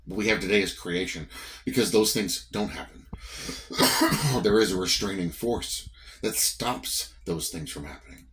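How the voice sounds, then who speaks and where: Deep-voiced Southern man preaching. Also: lively intonation, a little slow, a bit bright. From American South. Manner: emphatic, repetitive, conversational preaching. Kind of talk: morning devotion sermon.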